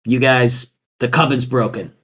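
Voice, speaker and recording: A woman's voice: a bass voice, steady tone, measured pace. A man voicing a young witch who abandons her coven, speaking curtly and dismissively.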